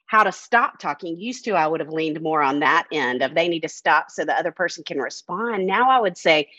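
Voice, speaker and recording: A woman's voice: low-pitched, animated, brisk, sharp tone, dry recording, dull audio. A woman, a counselor and camp director, speaking candidly and reflectively in a podcast conversation.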